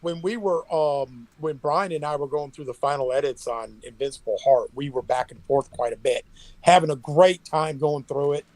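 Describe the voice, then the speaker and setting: A man's voice: on the high side, normal speed, darkish tone, no room sound. Chatty man, dry close sound. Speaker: editor and returning guest. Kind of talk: casual interview chat.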